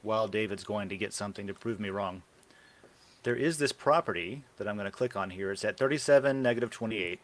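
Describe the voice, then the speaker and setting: A man's voice: fairly low pitch, fairly quick, a bit bright. A man hosting a casual live show, rambling and brainstorming ideas aloud with plenty of fillers. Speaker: podcast host. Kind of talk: casual live-stream chat.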